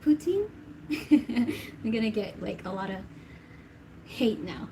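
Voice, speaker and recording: A woman's voice: on the high side, very animated, takes it slowly, pauses often, mellow, a little hiss or hum, rough recording. A woman hosting a live tarot Q&A stream, chatting casually, laughing often and reading viewer comments aloud. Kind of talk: casual livestream chat.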